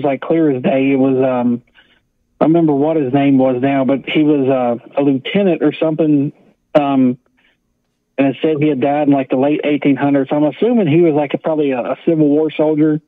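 A man tells a ghost story as an interview guest, circling back with "like" and "I was like". His voice sits a little high. It comes over a thin, phone-like line with no room sound. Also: dry recording. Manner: rambling, repeats "I was like" and "like". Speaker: paranormal investigator guest.

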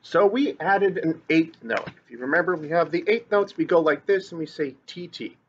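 A man's voice: on the high side, moderate pace, slight background noise. A man teaching grade school children to read rhythms, chanting note syllables and cheering them on. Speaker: music teacher. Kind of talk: online lesson for children. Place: classroom or home, filmed on camera. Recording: dull lo-fi recording.

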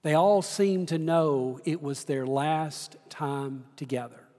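A middle-aged man preaching a sermon as pastor, telling stories slowly with dramatic pauses. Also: on the high side, darkish tone. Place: large church sanctuary. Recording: long church reverb.

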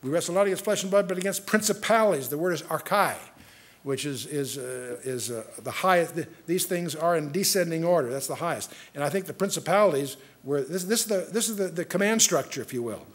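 A man with a fairly high voice teaches a Bible study. He speaks earnestly, often restarting his sentences, and lifts his voice for emphasis when he reads scripture aloud. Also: expressive, fairly quick, husky.

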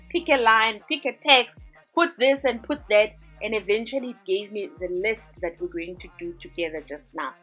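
In a husky, medium-pitched voice with a fairly bright tone, a woman narrates a screen-recorded design tutorial. She stays upbeat and chatty as she walks through each step.

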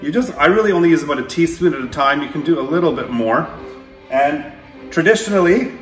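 Male cooking host, slightly high voice, relaxed and chatty, echoey room. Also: fairly quick, soft background music. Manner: relaxed, chatty, with frequent filler words. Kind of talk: casual cooking demonstration.

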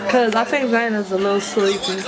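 A woman's voice: medium pitch, fairly even intonation, brisk, a loud crowd, low-quality recording. A woman in her twenties, chatting casually to her viewers in a loose vlog style. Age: 20s. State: out of breath at times. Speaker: vlogger.

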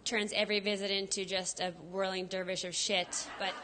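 A woman's voice: medium pitch, little pitch movement, moderate pace, noisy background. A woman in her thirties doing stand-up in a dry, self-mocking way. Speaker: stand-up comic. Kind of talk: stand-up set.

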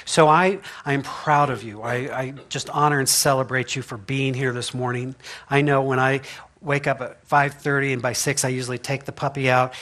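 A man's voice: mid-range voice, steady tone, normal speed, a bit bright. A man giving a conversational sermon as pastor, chatty and humorous, often laughing and checking in with the congregation. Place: church sanctuary.

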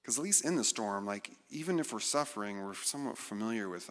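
A middle-aged man giving a conversational, animated sermon as guest speaker, acting out quotes with self-deprecating humor. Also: fairly low pitch, quick pace. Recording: reverberant hall.

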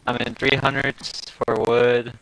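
A man's voice: medium pitch, little pitch movement, unhurried, a bit bright, low-quality recording. A man streaming a co-op game, chatting casually and swearing freely. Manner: profane, laid-back banter. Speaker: streamer playing a co-op shooter. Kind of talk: casual gaming chat.

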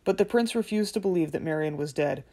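Woman reading a fairy tale audiobook, calm and measured. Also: low-pitched. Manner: measured, gentle storytelling. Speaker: audiobook narrator. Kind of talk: scripted narration.

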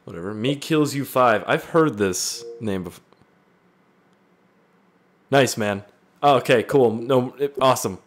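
A man reading fan voice messages aloud and reacting with loud, profane jokes in a casual gaming video. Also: medium pitch, unhurried, long pauses. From Canada. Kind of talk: casual gaming vlog commentary.

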